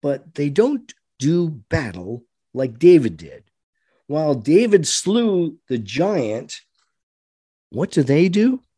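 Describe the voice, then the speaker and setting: A man's voice: a little high, big pitch swings, takes it slowly, warm tone, breathy edge, dry recording, studio quality. A man delivering an impassioned political monologue, preachy, with rhetorical questions and mocking voices. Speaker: political commentator.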